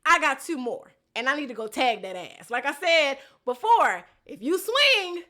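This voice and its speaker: A woman's voice: high voice, big pitch swings, normal speed, sharp tone. A young woman recapping a reality show episode in a casual vlog, talking bluntly with lots of slang and swearing.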